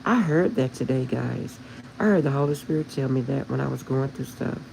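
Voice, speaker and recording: A woman with a rumbling low, creaky voice hosts a spiritual livestream, chatting casually with her viewers in a heartfelt, emotional way. She speaks at a moderate pace over a noisy background.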